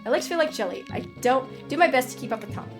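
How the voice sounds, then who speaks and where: A woman streamer reading a story game aloud, a dramatic reading broken by loud, sweary reactions. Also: sits high, animated, fast talker, music in the background.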